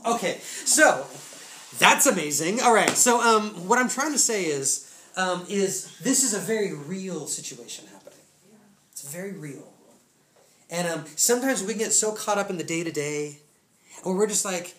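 Excited, slangy male preacher in an echoey room. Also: high voice, moderate pace. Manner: casual, slangy storytelling with bursts of excitement. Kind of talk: testimony sermon. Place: church room. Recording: echoey room, faint noise.

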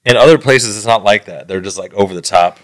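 A man's voice: on the low side, quick pace, no echo. A man in casual podcast chat, swearing freely and acting out the people in his stories.

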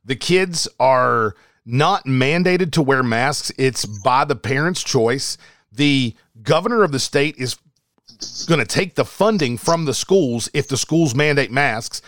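A man's voice: mid-range voice, expressive, a little slow, fairly bright tone, no echo, studio quality. A man hosting and moderating a podcast debate, pressing his panelists with emphatic questions.

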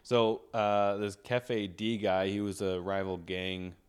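Young male podcast co-host, low voice, rambling and chatty, quick to laugh. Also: level tone, clean tone. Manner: rambling, laughs often, many restarts. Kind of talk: casual chat.

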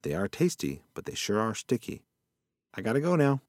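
A man's voice: mid-range voice, wildly swooping pitch, normal speed, darkish tone, no echo, studio quality, pitched above the performer's own voice. A man voicing a forgetful old male possum who rambles in a folksy, muddled way. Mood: rambling.

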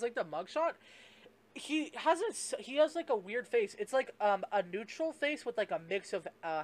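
A young man hosting a casual solo podcast, rambling and swearing, with lots of fillers and restarts. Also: sits high. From Canada. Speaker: podcast host.

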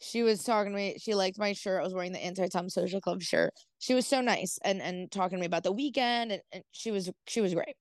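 A woman podcast host tells a story in loose, casual chat, stacking up "like" and "dude" and cursing offhandedly. Her voice sits at a middling pitch and is recorded dry and close, with no room sound around it. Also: fast talker, hardly any pauses, no room sound. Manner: rambling, heavy use of "like" and "dude", swears casually.

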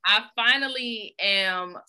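A woman hosting a podcast, telling a personal story in a casual, animated, slangy way and laughing along. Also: medium pitch, slow, slight background noise. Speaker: podcast host.

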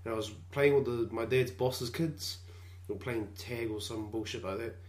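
A man's voice: medium pitch, normal speed, a little mellow. A man telling childhood stories in casual chat, laughing and swearing casually. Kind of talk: casual storytelling among friends.

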